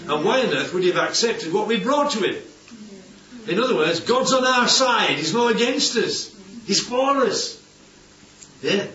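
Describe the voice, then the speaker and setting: Male preacher, chatty and animated, roomy distant recording. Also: a little high, dull audio. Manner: chatty, keeps asking "yeah?", playful asides. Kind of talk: informal Bible-study sermon. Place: church hall with congregation.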